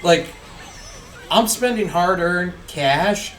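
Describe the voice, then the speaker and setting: Male gaming host, emphatic and jokey, slightly high voice, off-mic, faint game music. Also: animated, takes it slowly, fairly bright tone, recorded from a distance. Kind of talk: casual gameplay commentary.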